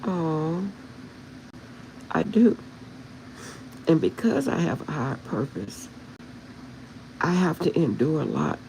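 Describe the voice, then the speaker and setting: A woman's voice: low-pitched, big pitch swings, slow pace, gravelly, long pauses, a little mellow, a little hiss or hum, rough recording. A woman hosting a spiritual livestream, talking to her viewers in a heartfelt, emotional way. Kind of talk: casual livestream chat with viewers.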